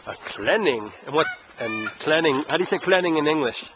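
A man's voice: on the high side, lively intonation, normal speed, highs cut off. A man teaching a casual language lesson outdoors at a playground, asking patient, coaxing questions. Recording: noisy outdoor camera audio.

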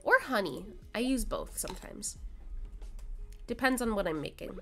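A woman's voice: medium pitch, big pitch swings, normal speed, pushed and bright, faint music behind. A woman streamer chatting casually with her viewers while she plays a cozy farming game. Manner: chatty, reads and answers chat. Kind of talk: casual gameplay chat.

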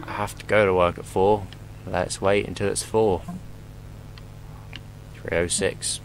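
A man's voice: sits low, level tone, measured pace, a little hiss or hum, poor audio. A young man commentating his horror gameplay, rambling and joking, swearing often and talking back to the game.

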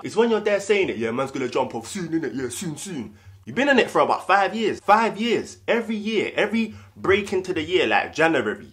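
A man's voice: on the high side, a bit bright. A man voicing a cocky young London roadman character with a London slang accent, riffing in a swearing, mocking monologue. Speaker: comedy sketch creator.

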